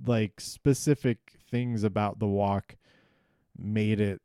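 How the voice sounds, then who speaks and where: Man, podcast host, casual solo recap, slow and hesitant, lots of ums, dry close mic. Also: on the low side, fairly even intonation, dark tone, clean tone, no echo. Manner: rambling, hesitant, many ums and restarts.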